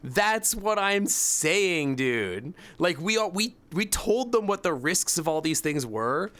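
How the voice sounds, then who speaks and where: Bright-voiced young man chatting. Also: high-pitched, slow pace. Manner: animated storytelling, mimics coworkers. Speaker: streamer. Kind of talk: casual chat with chat readers.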